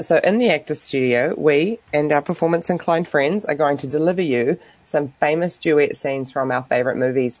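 A woman's voice: rumbling low, a little mellow, no room sound. Chatty woman radio host. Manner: a bit nervous, chatty. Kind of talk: casual chat.

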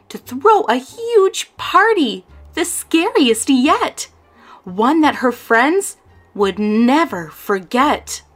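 A woman reading a rhyming children's picture book aloud in a lively, sing-song way. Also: high-pitched. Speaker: storyteller.

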